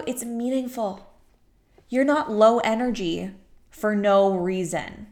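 A woman's voice: medium pitch, measured pace, darkish tone. Young woman, pregnant business coach, emphatic motivational talk with repeated lines. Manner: emphatic, repeats phrases, acts out her inner voice.

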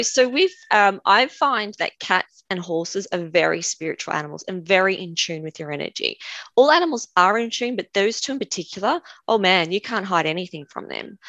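A woman's voice: mid-range voice, fairly bright tone, dry recording, muffled recording. A woman with an Australian accent, a guest animal communicator who tells chatty stories and laughs often. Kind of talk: casual conversation.

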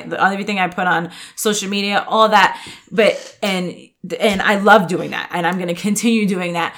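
A woman's voice: medium pitch, fairly bright tone. Lady podcast host, chatty coach vibe, upbeat, lots of likes and restarts. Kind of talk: casual podcast monologue.

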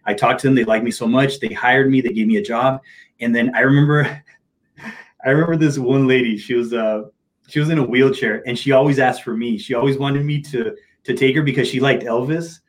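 A man telling personal stories in relaxed conversation. He talks with energy and emphasis, sometimes breaking into quick voices of other people. His voice sits in an ordinary middle pitch. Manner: animated, emphatic, slips into quick impressions. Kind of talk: casual storytelling.

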